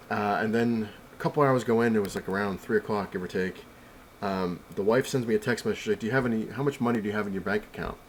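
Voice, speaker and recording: A man's voice: fairly low pitch, slight background noise, low-quality recording. A young man vlogging from home, telling a long story in a rambling way, full of fillers and restarts. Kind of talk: casual storytelling.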